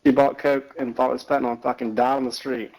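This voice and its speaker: A man with a twang tells a long, rambling story to a friend, cursing constantly and padding every sentence with "like." His voice sits at a middle pitch, and he talks with loose, offhand looseness. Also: flat delivery, fast, a little mellow, rough recording. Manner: rambling storytelling, heavy swearing, lots of "like". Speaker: gamer chatting with a friend. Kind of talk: casual chat over a game.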